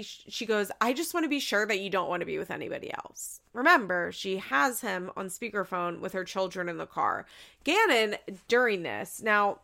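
Sarcastic woman with a gravelly voice. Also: medium pitch, a bit bright. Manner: sarcastic, rambling, swears, many "like" fillers. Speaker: reality TV recapper. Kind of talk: casual recap chat.

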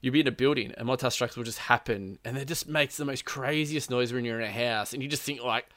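A man's voice: mid-range voice, fast talker, fairly bright tone, no echo. A man casually telling a long story about a game, rambling with plenty of fillers and quoted lines. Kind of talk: casual chat.

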